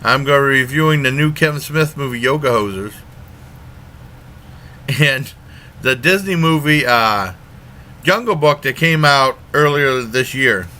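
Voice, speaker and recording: Blunt rambling man with a bright voice. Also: medium pitch, unhurried, long pauses. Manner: blunt and rambling, with frequent fillers. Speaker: movie reviewer. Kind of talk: casual spoken movie review.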